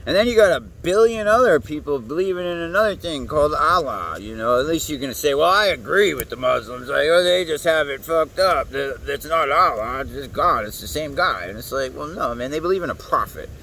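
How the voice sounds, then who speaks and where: A man talking in a rambling, profane, animated monologue as the host of his own show. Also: on the high side, a little fast, few pauses. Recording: distant mic with faint background noise.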